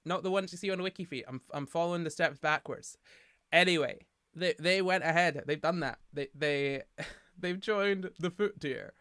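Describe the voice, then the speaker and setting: A man's voice: a little high, moderate pace, pushed and bright, clean tone, no room sound, clean studio sound. A tired young man from the United Kingdom, rambling and self-mocking as he hosts a casual livestream and reads the chat aloud. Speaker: livestream host.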